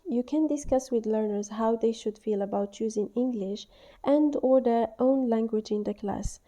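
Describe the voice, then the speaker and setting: Woman teaching, dark mellow voice. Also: a little high. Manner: clear, deliberate, exaggerates classroom model phrases. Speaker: English teacher trainer. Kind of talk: instructional voice-over.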